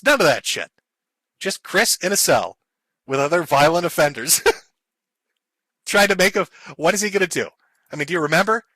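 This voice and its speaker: A man's voice: a little high, bright, forceful tone, dry recording. A man ranting and mocking on a live stream, swearing and sarcastic.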